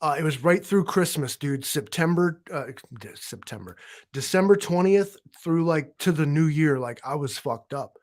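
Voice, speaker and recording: A man's voice: fairly high pitch, lively intonation, moderate pace, a little mellow. A man from New York co-hosting a livestream, joking and swearing in a brash casual way. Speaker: livestream co-host.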